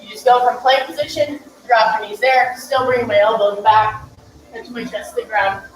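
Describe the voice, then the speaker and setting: A woman's voice: fairly high pitch, steady tone, moderate pace, a little hiss or hum, poor audio. A woman fitness coach giving chatty, upbeat instructions during a live-streamed workout, laughing now and then between cues.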